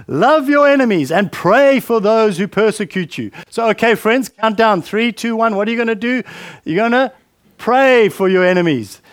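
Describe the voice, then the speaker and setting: Preacher, male, high-pitched, chatty sermon delivery full of questions, dry recording. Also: no echo. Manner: conversational, repeats words, asks questions.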